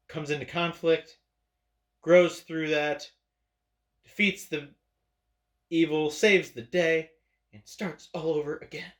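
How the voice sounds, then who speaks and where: A man hosting an opinion video, ranting sarcastically and swearing freely at the camera. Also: a little high. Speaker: video host. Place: indoors at a camera.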